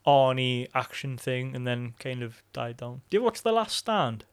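A man co-hosting a podcast in casual chat, animated, swearing freely and laughing often. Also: medium pitch, moderate pace, clean tone. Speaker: podcast co-host.

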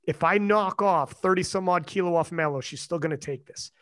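Casual host, male, higher-pitched, animated, salty language. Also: brisk. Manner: animated and swearing, swings up and down. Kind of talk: casual chat.

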